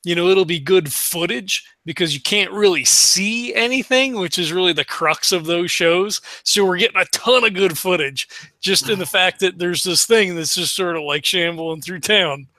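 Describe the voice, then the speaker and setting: A man playing a tabletop horror game, chatting in a relaxed, casual way. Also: sits high, normal speed, dry recording. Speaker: player.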